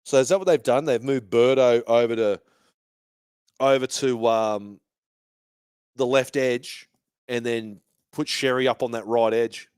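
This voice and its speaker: A man's voice: mid-range voice, steady tone, a little slow, pauses often, darkish tone, clean tone, no room sound, clean studio sound. A man hosting a fan live stream from a bar, giving casual, sweary match commentary and banter.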